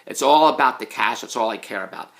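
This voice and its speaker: A middle-aged man in a casual, self-mocking rant, swinging between low mutters and loud outbursts. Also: animated, fast, gravelly. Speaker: vlogger, TV producer. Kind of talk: casual ranting monologue.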